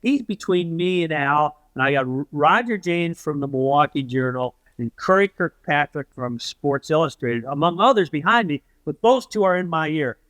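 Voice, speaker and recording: A man's voice: on the high side, animated, normal speed, few pauses, fairly bright tone, no echo, low-quality recording. An older man telling a story as an interview guest, animatedly acting out the voices of the people he quotes.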